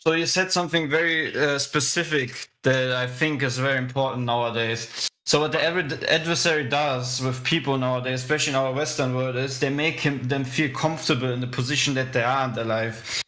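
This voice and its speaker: A man speaking on a voice call who preaches in a halting way, filling pauses with ums. His voice has a bright, forceful edge. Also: mid-range voice. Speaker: chat participant. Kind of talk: casual preaching chat.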